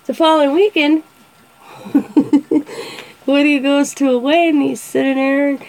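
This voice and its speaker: A woman in her forties hosts a casual show, chatting away and telling funny family stories, laughing a lot and acting out quoted voices. Her voice is high and darkish, with fairly even intonation and an unhurried pace. The recording is rough, with slight background noise.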